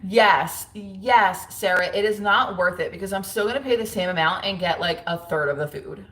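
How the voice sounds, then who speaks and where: A woman in her thirties hosts a casual livestream, reading viewer comments and talking frankly with lots of fillers and frequent laughter. Her medium-pitched, slightly bright voice moves at a normal speed, with a roomy echo around it.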